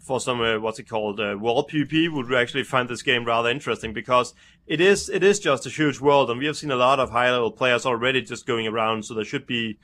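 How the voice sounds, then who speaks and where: Young male co-host, bright tone, halting speech with many restarts, casual. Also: medium pitch. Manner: hesitant, repeats words while searching. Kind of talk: casual game review chat.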